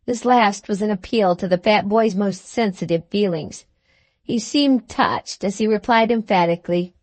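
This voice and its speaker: A woman narrating an audiobook of a classic novel in a measured, unhurried way. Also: medium pitch, no room sound. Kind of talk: scripted narration.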